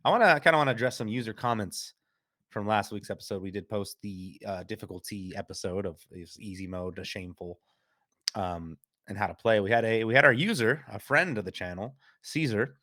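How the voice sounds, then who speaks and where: Man, podcast host, rapid talk, casual chat, dry close sound. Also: lowish voice, bright, forceful tone, no echo. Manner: quick, laughing, reads viewer comments.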